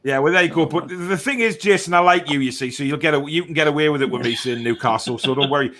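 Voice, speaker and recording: A man's voice: a little high, quick pace, a bit bright. Laid-back man hosting. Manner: laid-back, jokey, repeats words. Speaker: host. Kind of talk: casual chat.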